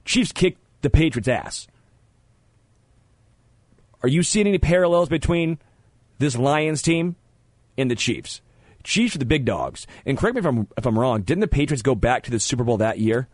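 Male sports talk host, animated and opinionated, average pitch, close dry studio mic. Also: moderate pace, long pauses, no echo. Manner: animated, opinionated, stammers on restarts. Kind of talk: sports talk radio banter. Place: radio studio.

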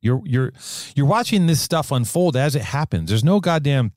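Male co-host, loose profane riffing, average pitch, dry mic. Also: moderate pace, no room sound. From California. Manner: rambling, profane, animated riffing. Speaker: podcast co-host. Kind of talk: casual podcast banter.

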